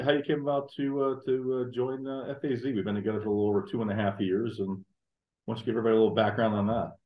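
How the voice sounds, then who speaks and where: A man's voice: fairly low pitch, fairly even intonation, racing, highs cut off. A man hosting a casual interview, asking stumbling questions with restarts. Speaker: podcast host.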